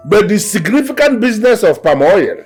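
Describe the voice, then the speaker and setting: A man's voice: high-pitched, big pitch swings, a little fast, a little mellow, husky, faint music behind, full character voice. An actor playing a stern older father who lectures and scolds, with a Nigerian accent.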